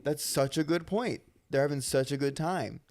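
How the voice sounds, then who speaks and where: A man's voice: a little high, normal speed, a little mellow, no room sound. A young man co-hosting a casual comedy podcast, joking and rambling with lots of filler words. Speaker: podcast co-host.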